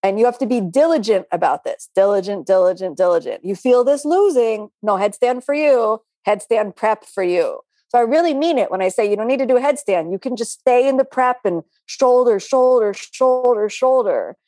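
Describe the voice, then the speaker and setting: A middle-aged woman yoga teacher answering student questions in a chatty, animated way, with playful asides during a live online class. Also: a little high, a little fast, hardly any pauses, no echo, clean studio sound.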